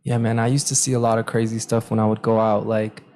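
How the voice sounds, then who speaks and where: A young man with a lowish voice and quick delivery co-hosts a podcast, chatting casually and telling stories. He acts out what people said, loudly performing the quoted lines.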